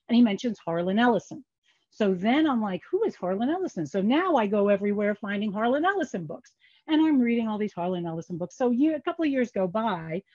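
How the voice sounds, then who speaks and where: Older woman telling lively stories. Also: fairly high pitch, dry recording. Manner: animated, acts out quoted dialogue. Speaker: economist guest. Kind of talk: casual storytelling in a podcast interview. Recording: muffled lo-fi sound.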